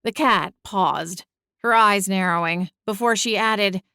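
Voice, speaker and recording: A young adult woman narrating a first-person audiobook, expressive and exasperated in the dialogue. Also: mid-range voice, slow pace, clear, resonant tone, no room sound, clean studio sound.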